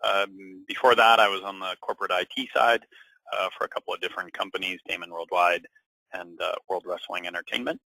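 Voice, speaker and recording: A man's voice: sits low, steady tone, fairly quick, vocal fry, sharp tone, dry recording, low-quality recording. A middle-aged man introducing himself on a business webinar, casual and hesitant with many fillers. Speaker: co-presenter, sales VP.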